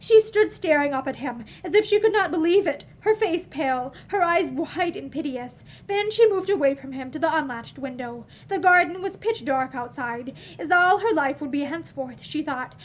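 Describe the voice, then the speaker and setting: Seated indoors among bookshelves and facing the camera, a woman with a high-pitched voice reads a novel aloud. Her storytelling is measured and expressive.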